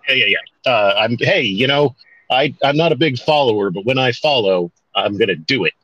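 A man's voice: mid-range voice, animated, moderate pace, fairly bright tone, no echo. A man co-hosting a podcast in casual chat, rambling and correcting himself as he goes, with some mild swearing. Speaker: podcast co-host. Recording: dull, dry home-mic sound.

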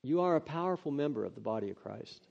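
A man preaching, reading scripture aloud and breaking off into earnest, excitable, conversational asides. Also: medium pitch, fast talker, creaky. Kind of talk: devotional scripture reading with commentary. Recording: dull lo-fi sound.

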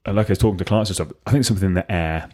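A man's voice: low-pitched, very fast, a little mellow. A young man hosting a podcast in casual chat, chatty and rambling with lots of fillers and restarts. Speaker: podcast host.

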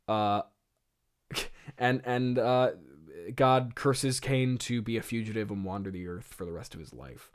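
A man in the middle of the pitch range, hosting a podcast in casual comedic commentary. He rambles and laughs between thoughts, and his talk is full of fillers and restarts. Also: wildly swooping pitch, slow pace, pauses often. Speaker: podcast host.

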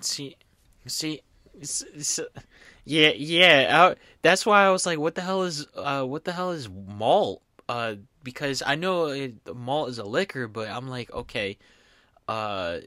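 A man's voice: medium pitch, animated, a little slow, bright, forceful tone, dry recording. A young man hosting a casual podcast, reading odd sentences aloud with incredulous laughs and stumbles. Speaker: podcast host.

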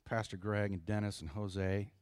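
A middle-aged man preaching a sermon in an earnest, conversational way, pausing for emphasis. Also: lowish voice, fairly even intonation, darkish tone, clean tone, no room sound. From United States. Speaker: pastor.

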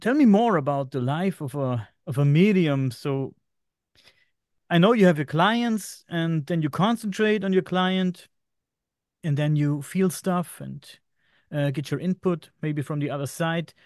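A man's voice: on the high side, measured pace, darkish tone, dry recording, clean studio sound. A man interviewing a guest, reassuring her and asking loosely phrased, curious questions.

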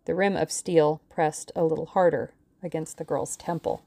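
A woman narrates a novel as an audiobook in a measured, steady way. Her voice sits on the low side. The recording is dry and close, with no room sound. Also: gravelly, no echo. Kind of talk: scripted narration.

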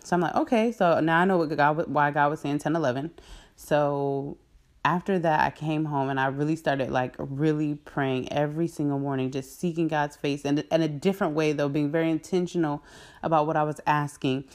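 A woman sharing a personal faith testimony with viewers in a casual, earnest way, full of "um" and "like" and quick laughs. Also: low-pitched. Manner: earnest and animated, with frequent "um" and "like" and laughs mid-sentence.

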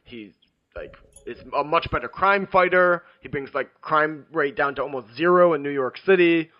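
A man's voice: fairly high pitch, moderate pace, dull audio. A man co-hosting a podcast, rambling casually with lots of fillers and fumbling, bothered by hiccups. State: hiccups and burping. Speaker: podcast co-host.

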